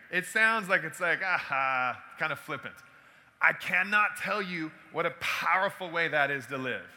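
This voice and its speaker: A man giving a storytelling talk to an audience, animated and acting out the dialogue as he goes. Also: sits high.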